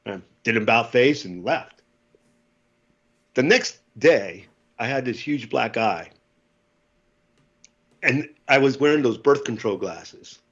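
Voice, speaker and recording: A man in his fifties from the United States, a podcast guest telling lively war stories and acting out the voices. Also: mid-range voice, slow pace, pauses often, dull audio. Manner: animated storyteller, acts out voices, laughs often. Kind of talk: casual storytelling.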